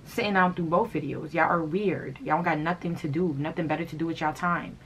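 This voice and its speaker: A woman in her thirties vents straight to camera in a sassy, confrontational rant. Her voice sits on the low side, and she talks like she's catching up with friends. Every now and then she breaks into laughter. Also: steady tone, brisk, a little hiss or hum. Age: 30s. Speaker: fashion vlogger.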